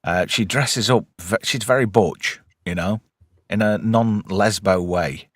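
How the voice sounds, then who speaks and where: A man hosting a casual podcast chat, animated and swearing freely as he recaps episodes. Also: on the low side, measured pace, dry recording, clean studio sound. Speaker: podcast host.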